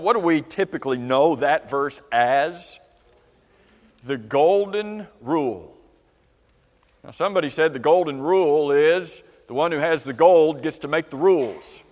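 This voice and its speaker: A man's voice: fairly high pitch, a little slow, darkish tone. Questioning man teaching in a reverberant hall. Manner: asks the class many questions. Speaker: Bible class teacher. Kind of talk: church Bible class teaching. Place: church classroom. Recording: long reverb of a church hall.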